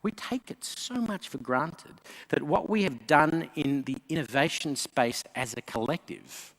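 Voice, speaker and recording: Aussie guy doing a keynote, bright forceful voice, big hall echo. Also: fairly high pitch, unhurried, creaky. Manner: lively storyteller, voices characters in jokes. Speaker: keynote speaker. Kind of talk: conference talk with jokes. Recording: long hall reverb.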